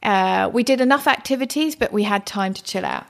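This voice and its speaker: A woman chatting as a guest in an interview, telling stories about food and places in a lively, conversational way. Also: mid-range voice, fairly quick, creaky. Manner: chatty, warm storytelling with laughs. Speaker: guest, cook. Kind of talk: casual interview chat.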